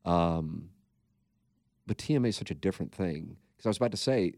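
A man with a very low voice talks on a podcast in a loose, rambling way. He is candid and swears often. The sound is dry and close, with no room echo. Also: lively intonation, fairly quick, a little mellow. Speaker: podcast co-host. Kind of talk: casual podcast chat.

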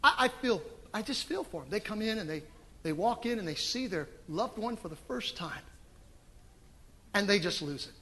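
A middle-aged man preaching a sermon as pastor, animated and emphatic, with sudden loud swells. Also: high-pitched, normal speed, in a large hall, a little hiss or hum. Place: church sanctuary.

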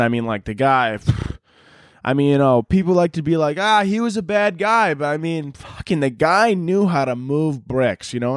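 A man's voice: medium pitch, dry recording, studio quality. A young man hosting a solo podcast, ranting and joking in a profane, rambling way and slipping into silly voices. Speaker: podcast host. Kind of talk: solo comedic podcast rant.

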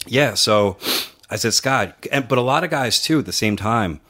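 A man's voice: lowish voice, lively intonation, moderate pace, fairly bright tone. A man co-hosting a casual podcast, telling stories and acting out what others said, with frequent swearing. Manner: storytelling, acts out others' quotes, swears freely. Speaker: podcast co-host and wrestling promoter.

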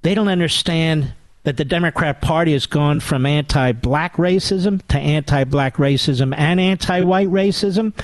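A man's voice: on the high side, normal speed, no room sound. A man hosting a political talk radio show, delivering a combative, sarcastic monologue.

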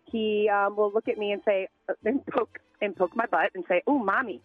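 A woman caller on a slightly dull, lo-fi line with a mid-pitched voice. She tells a story chattily, with a self-mocking tone, over faint music. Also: fairly even intonation, moderate pace. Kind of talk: phone call to radio show. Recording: dull lo-fi phone audio.

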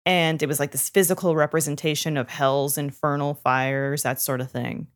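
A woman with a voice sitting a bit low co-hosts a podcast. She chats casually, playful and teasing, and laughs easily. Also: fairly even intonation, normal speed. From Canada. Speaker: podcast co-host. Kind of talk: casual chat.

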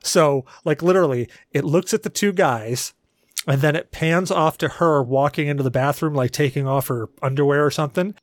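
A man's voice: a little high, moderate pace, dry recording, studio quality. A man co-hosting a podcast, chatting casually and telling stories with jokey banter. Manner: rambling, animated storytelling with jokey banter. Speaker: podcast co-host. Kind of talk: casual chat.

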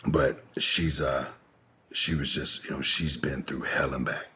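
A man's voice: rumbling low, steady tone, a little slow, pushed and bright, husky. A man telling a long personal story as an interview guest, candid and rambling, with frequent profanity and fillers.

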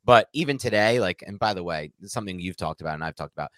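Fast-talking low-voiced man on a podcast. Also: dry recording. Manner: rambling, excitable, goes off on tangents. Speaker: podcast co-host. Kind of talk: casual podcast chat.

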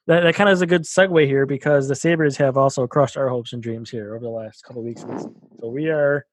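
A man co-hosting a casual sports podcast, chatty and quick to laugh. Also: medium pitch, steady tone, a little hiss or hum. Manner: laughs often, chatty with filler words. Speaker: podcast co-host.

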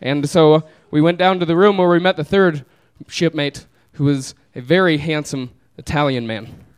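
A young man tells a long story on stage, relaxed and amused, and laughs often as he goes. His voice sits a little high for a man and comes across smooth and clear. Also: moderate pace. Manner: laid-back, amused, laughs through his own story. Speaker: comedian telling a story on stage. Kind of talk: live storytelling. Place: small live venue.

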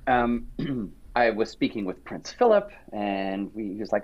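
A middle-aged man recounts anecdotes as an interview guest, animated and jumping into little impersonations. His voice sits at an ordinary pitch. The recording sounds dull and lo-fi. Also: normal speed, a little hiss or hum. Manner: lively, acts out quoted voices, frequent restarts. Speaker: singer being interviewed. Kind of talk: animated storytelling interview chat.

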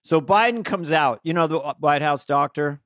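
A man's voice: fairly high pitch, normal speed, a bit bright, dry recording, clean studio sound. A man co-hosting a podcast in casual comedic chat, riffing and doing silly voices over a video call. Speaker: podcast co-host.

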